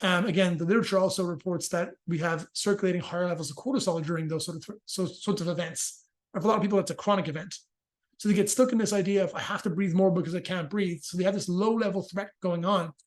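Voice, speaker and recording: A man explaining breathing physiology in a casual interview, fast and joking, with frequent swearing. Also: sits high, steady tone. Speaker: movement and rehabilitation practitioner, guest.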